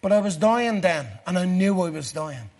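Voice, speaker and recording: An Irish man giving a personal testimony sermon to a church gathering, earnest, dropping low and slow for the dark parts. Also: animated. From Ireland.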